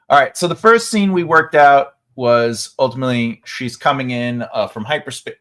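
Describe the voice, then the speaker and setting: A man's voice: medium pitch, moderate pace, fairly bright tone. A man hosting a casual livestream writing lesson from home, chatty and loose, with many fillers and restarts. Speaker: writing teacher and livestream host.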